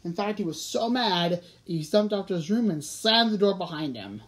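A woman's voice: medium pitch, lively intonation, moderate pace, slight background noise, rough recording. A woman reading a fan-written story aloud, often stumbling and correcting herself. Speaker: reader.

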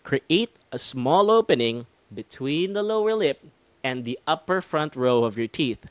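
A man's voice: a little high, very animated, measured pace, no echo. A man teaching English pronunciation in a chatty, self-deprecating way, close to the microphone. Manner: chatty, self-deprecating, refers to himself in third person. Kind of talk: online pronunciation lesson.

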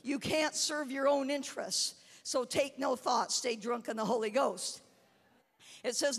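High-voiced woman preaching in a hall. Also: a little slow, gravelly. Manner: animated storytelling, laughing and shouting at high points. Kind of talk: sermon with a personal story. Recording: long hall reverb.

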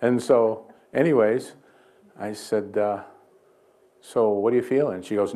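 A man's voice: lowish voice, a little slow, warm tone, a little hiss or hum. A man preaching at a church healing service, mixing folksy stories and jokes with short prayers. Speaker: guest healing evangelist. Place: church sanctuary.

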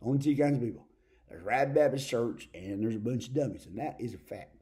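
Southern man, mellow voice, folksy rambling preacher bit, slips into quoted voices. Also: mid-range voice, fairly quick. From Texas. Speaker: comic preacher character. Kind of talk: rambling comic monologue.

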